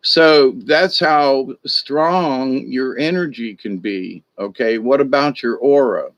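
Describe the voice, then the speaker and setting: A man's voice: mid-range voice, takes it slowly, a bit bright, no room sound. A middle-aged man, hosting a casual spiritual talk in a rambling, folksy way that repeats itself. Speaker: spiritual discussion host.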